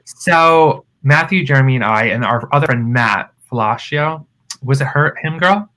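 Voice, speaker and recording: Animated storytelling man, bright voice. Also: mid-range voice, moderate pace, poor audio. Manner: animated, swears freely, calls friends "girl". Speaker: podcast co-host. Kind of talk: casual storytelling chat.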